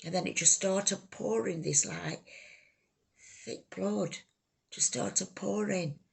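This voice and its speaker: A woman telling her own life story, halting, raw and emotional, swearing freely. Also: mid-range voice, creaky, slightly rough. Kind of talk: personal life story told to camera.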